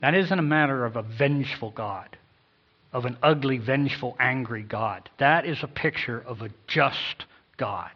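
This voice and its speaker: A male pastor preaching a sermon in an emphatic way, with sudden swells in loudness. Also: medium pitch, normal speed, breathy edge. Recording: dull lo-fi sound.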